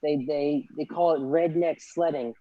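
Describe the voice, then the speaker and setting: A man's voice: a little high, steady tone, unhurried, no echo, muffled recording. A young man in casual chat, telling a story animatedly and acting out quotes, laughing often.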